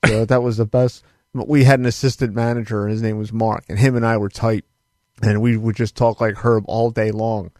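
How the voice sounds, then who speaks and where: A man's voice: on the low side, little pitch movement, moderate pace, a little mellow, dry recording, studio quality. A man co-hosting a podcast, telling stories in casual, profane chat and laughing as he goes. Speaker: podcast co-host.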